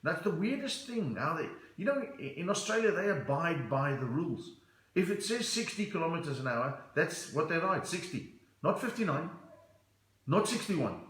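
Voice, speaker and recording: On a live stream, a middle-aged South African stand-up comedian reads out viewer comments and tells stories in his South African accent. He speaks at a normal speed in a fairly high, sing-song, fairly bright voice, captured in a roomy, low-quality recording.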